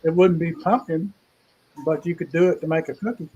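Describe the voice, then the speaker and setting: A man's voice: fairly high pitch, fairly even intonation, brisk, dark tone, slightly rough, lo-fi sound. A man hosting a casual cooking show, chatting in a folksy, rambling way. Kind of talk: casual live cooking chat.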